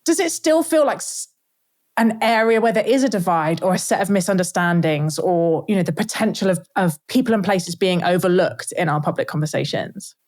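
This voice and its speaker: A woman's voice: fairly low pitch, fairly quick, a little mellow. A woman from Southern England hosting an interview, asking reflective questions with small stumbles. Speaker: podcast host. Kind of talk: interview conversation.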